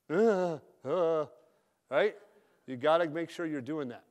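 A man gives a motivational sales talk to a room of loan officers. His voice sits a little high, and he speaks plainly, with slang and dry humor. He comes across as a direct manager who does not mince words. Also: slow pace, darkish tone. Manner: direct, joking, casual with slang.

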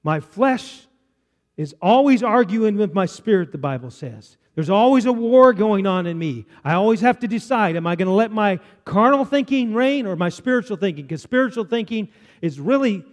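High-voiced male preacher in a reverberant church. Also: animated. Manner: earnest preaching, slows down to read scripture aloud. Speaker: pastor. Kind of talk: sermon. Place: church sanctuary. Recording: long reverb of a church hall.

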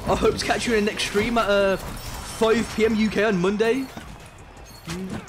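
A young man from Birmingham with a Birmingham accent, chatting excitably and in slang while streaming a game. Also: high voice, normal speed, background noise. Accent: Birmingham English. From Birmingham, England. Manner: excitable, slangy, many hums of agreement. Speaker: live streamer. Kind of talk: casual gaming stream chat.

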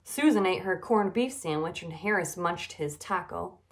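A woman nutrition educator reading a children's storybook aloud, expressive and emphatic. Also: on the low side, moderate pace.

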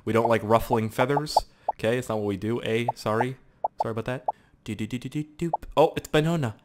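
A young man giving excitable, profane live gameplay commentary with yelling outbursts. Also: medium pitch, quick pace, very noisy. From Canada. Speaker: gaming YouTuber.

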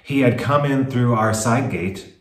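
A man co-hosting a casual home vlog, recounting events in steady detail. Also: medium pitch, unhurried. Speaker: co-host, chateau owner. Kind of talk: casual chat. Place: home in a French chateau. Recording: roomy echo.

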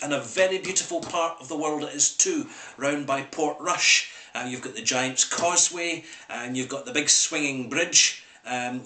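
Bright-voiced Scottish whisky reviewer. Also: male voice, medium pitch. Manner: chatty, rambling with asides. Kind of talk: casual video review. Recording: echoey room.

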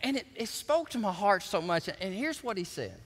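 A man, the pastor, preaching a sermon in a large church and telling a story with animated delivery. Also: sits high, moderate pace. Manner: animated storytelling, acting out quoted voices. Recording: church sanctuary with long reverb.

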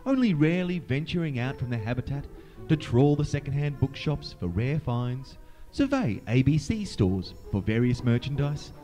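A man narrating in a measured, mock nature-documentary style. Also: mid-range voice, warm tone.

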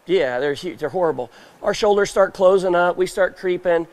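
A man's voice: high voice, brisk. A man gives a live roping demonstration on a trade show stage, quizzing the crowd and acting out scenes in a folksy way.

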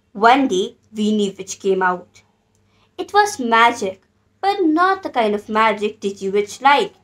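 A woman reading a children's storybook aloud, in a gentle, expressive storyteller manner. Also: a little high.

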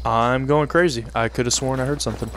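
A man giving joking let's-play commentary, partly in character, often laughing and yelling at enemies. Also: medium pitch, fairly even intonation, quick pace, slight background noise. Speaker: gaming video creator.

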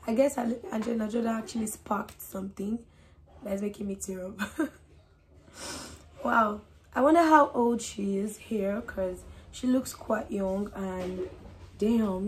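A woman talks casually to her viewers in a medium-pitched voice, emotional and gushing about what she has just watched. Light laughs break up her remarks, and a faint background hum sits under the recording. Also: slow pace, long pauses. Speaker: reaction video host. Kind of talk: casual reaction commentary.

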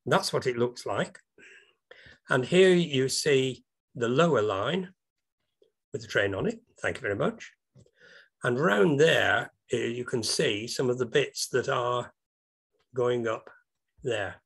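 Gravelly, hesitant British man presenting slides. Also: medium pitch, animated, takes it slowly, pauses often, a bit bright. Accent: British English. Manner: rambling, hesitant with many ums, enthusiastic asides. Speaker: presenter giving a slide talk. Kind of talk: informal illustrated talk over a video call. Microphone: video call.

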